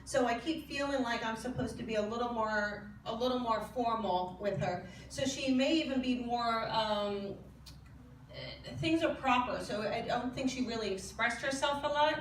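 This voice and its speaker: A woman's voice: fairly high pitch, moderate pace, a little hiss or hum. A woman working as a spiritual medium, giving a chatty live reading to an audience, often laughing and asking questions. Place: hall at a spiritual service. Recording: echoey hall, from far off.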